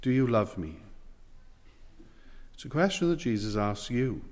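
A man preaching a sermon, earnest, stressing words slowly and asking rhetorical questions. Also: mid-range voice, very animated, a little mellow. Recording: long hall reverb.

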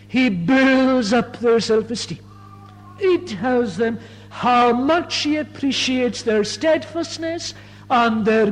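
A man with a very high-pitched voice delivers an earnest sermon full of rhetorical questions. His voice rings out in a long, echoing church hall. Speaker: preacher.

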